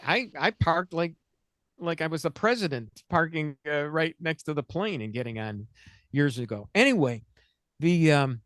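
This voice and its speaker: A man's voice: fairly high pitch, a bit bright, dry recording, clean studio sound. A man, host of a chat show, telling a long story in a rambling, self-interrupting way and laughing through the funny parts. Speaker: podcast host.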